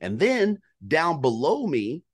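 Animated, swearing man telling a hunt story. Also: a little high, slow pace, husky. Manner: animated, profane, mimics elk calls. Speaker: guest storyteller on a hunting podcast. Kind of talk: casual storytelling chat.

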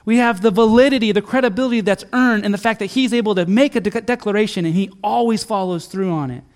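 A middle-aged man preaching a sermon in church, earnest, rising to emphatic peaks and then dropping soft and low. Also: quick pace. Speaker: pastor.

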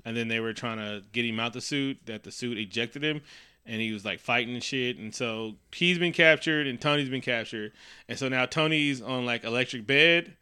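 A man talking through a film's plot in a loose podcast chat, cursing often and jumping into quoted lines. His voice is bright and clear, with a smooth, polished ring to it. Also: medium pitch, moderate pace. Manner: profane, animated, acts out scenes with quotes. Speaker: podcast co-host. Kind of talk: casual movie recap chat.

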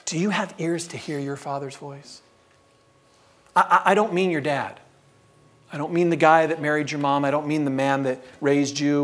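A male pastor delivering a sermon to his congregation. He builds his points through rhetorical questions and drawn-out, emphatic phrases. His pitch sits at an ordinary middle level for a man. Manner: emphatic preaching with rhetorical questions, slowing down for stress.

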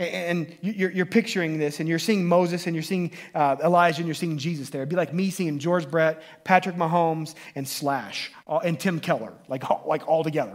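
A man preaching in a loose, conversational way, his voice sitting a little high and sounding husky. He gets excitable, trips over restarts and keeps checking in with his listeners. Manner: conversational, excitable, frequent restarts and "right?" tags. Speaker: pastor. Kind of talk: sermon.

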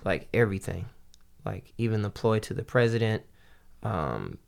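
A man in a casual chat about hip-hop, talking in a rambling, halting way with many restarts and fillers. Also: fairly low pitch, big pitch swings, vocal fry.

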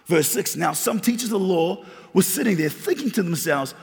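Male pastor preaching, raspy high voice, repeats lines for emphasis, big reverberant church. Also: lively intonation, fast talker. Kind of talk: sermon. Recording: long reverb of a large hall.

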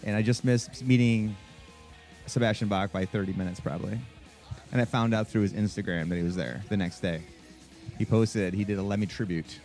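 Low, mellow-voiced man chatting casually. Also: fairly even intonation, a little fast. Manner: rambling storyteller, laughs easily. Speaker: podcast co-host. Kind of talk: casual chat. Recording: faint rock music behind. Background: faint rock music.

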